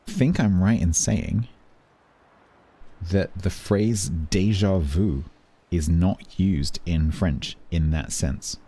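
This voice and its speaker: A British man talks to his stream viewers while he plays, his voice low and a little husky. He rambles from topic to topic with dry, self-mocking humour, in a mellow, relaxed tone. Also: slow. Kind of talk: casual chat while gaming.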